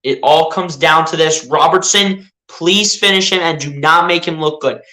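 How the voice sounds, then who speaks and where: Excitable fan calling a game, bright voice. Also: male voice, a little high, moderate pace. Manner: excitable, pleading with the players. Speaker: fan streaming live play-by-play. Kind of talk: casual fan play-by-play commentary.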